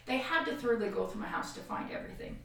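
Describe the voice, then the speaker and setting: A woman tells a hard personal story as a podcast guest, her voice lively and expressive as she acts out what others said. She sounds a little distant from the microphone. A strong echo fills the room, with a faint hiss underneath. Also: on the high side, fast, creaky. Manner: animated, acts out quoted voices, frequent laughs. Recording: far-off echoey room mic.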